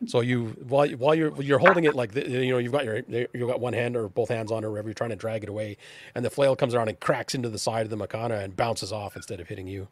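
A man's voice: medium pitch, fairly even intonation, fast, dry recording. A man narrating as game master of a tabletop role-playing game, casual and chatty, often restarting his sentences.

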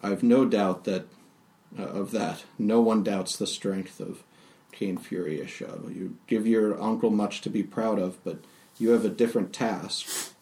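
A man voicing a grave, solemn old village elder in a tabletop game, speaking in a measured way. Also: on the low side, steady tone, warm tone, distant mic. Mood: proud.

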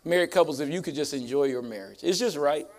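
Man, lively pastor preaching, high-pitched, rising emphasis for the congregation. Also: fast. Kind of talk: sermon. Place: church sanctuary.

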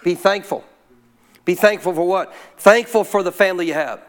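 High-voiced emphatic preacher man. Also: brisk, a bit bright. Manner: emphatic call-and-response preaching. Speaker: pastor. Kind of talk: sermon.

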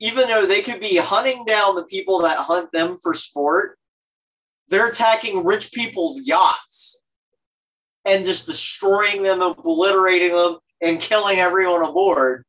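A podcast co-host in casual chat, blunt and profane, with short agreeing replies between longer takes. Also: female voice, lowish voice, a little slow, fairly bright tone, low-quality recording.

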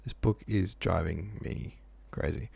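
A man's voice: low-pitched, measured pace, gravelly, darkish tone, husky, no echo. A man reading a novel aloud, breaking off for offhand asides full of "like". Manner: offhand, says "like" a lot. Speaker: reader.

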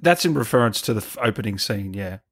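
A man hosting a gaming show, chatting casually with a guest, enthusiastic and quick to laugh. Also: fairly low pitch, expressive, a bit bright. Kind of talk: casual interview chat.

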